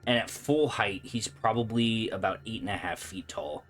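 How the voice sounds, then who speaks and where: A man's voice: on the low side, normal speed, fairly bright tone, soft background music. A man narrating a tabletop game as dungeon master, talking casually with lots of fillers.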